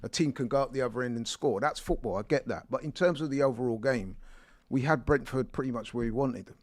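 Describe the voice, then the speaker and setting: A man in a football talk show, calm and confident, making measured points. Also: medium pitch, dry recording. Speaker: football pundit. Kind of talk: sports talk show discussion.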